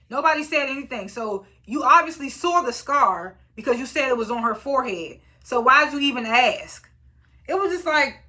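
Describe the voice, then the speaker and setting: A young woman casually recapping a reality show, blunt and profane, acting out what the cast said. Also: high-pitched. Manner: animated, blunt and profane, acts out quotes.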